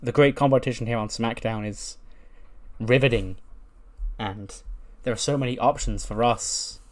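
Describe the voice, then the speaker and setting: A man's voice: medium pitch, moderate pace, close to an everyday voice. Sly, scheming female wrestler villains, as a man voices them. They sound menacing.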